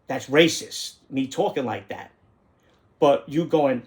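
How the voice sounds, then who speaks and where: A man's voice: medium pitch, takes it slowly. A middle-aged man, hosting a casual monologue in an indignant, rambling way that repeats phrases for emphasis. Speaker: host.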